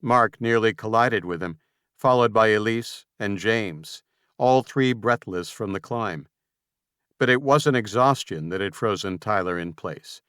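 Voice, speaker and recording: A man narrating a post-apocalyptic audiobook in a measured, even storytelling manner. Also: lowish voice, clean tone, no room sound, clean studio sound. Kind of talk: scripted narration.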